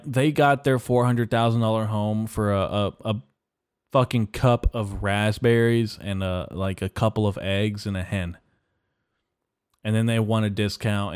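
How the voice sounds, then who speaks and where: A young man riffs through a comedic podcast rant, swearing constantly and sounding mock-outraged as he rambles from one gripe to the next. His voice sits on the low side and comes through smooth and resonant. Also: a little mellow. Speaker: podcast host.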